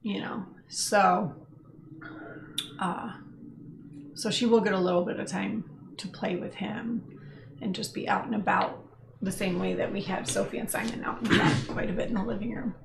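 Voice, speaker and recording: A woman in casual livestream chat at home, talking earnestly with pauses and restarts. Her voice has a gravelly fry, and the room is echoey with faint hiss behind it. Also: mid-range voice, fairly even intonation. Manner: earnest, thoughtful, many ums and restarts. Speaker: kitten foster volunteer co-host.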